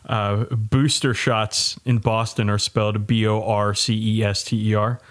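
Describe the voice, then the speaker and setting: A man's voice: fairly low pitch, little pitch movement, unhurried. A man co-hosting a podcast, chatting casually with hesitant restarts that then rush ahead. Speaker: podcast co-host. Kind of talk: casual chat.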